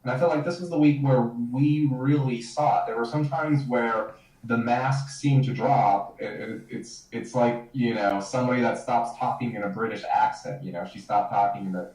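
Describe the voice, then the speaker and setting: A man's voice: mid-range voice, normal speed, a little mellow, roomy sound, distant mic, rough recording. A man talking in a casual podcast chat with sardonic, articulate wit.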